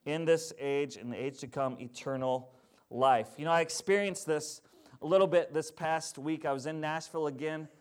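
A man's voice: fairly high pitch, normal speed, clean tone. A male pastor preaching a sermon in a conversational storytelling manner, asking the congregation questions along the way.

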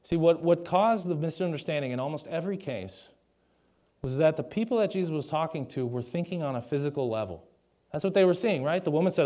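Using a stage microphone, a young male pastor preaches to a live congregation in a conversational style, peppered with humorous asides and questions to the crowd. His voice is fairly high and mellow.

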